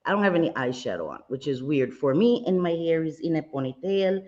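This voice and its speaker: A woman's voice: low voice, sing-song, a little fast, a little mellow, highs cut off. A woman hosting a casual livestream, bubbly and chatty, greeting viewers with pet names. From Puerto Rico. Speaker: livestream host.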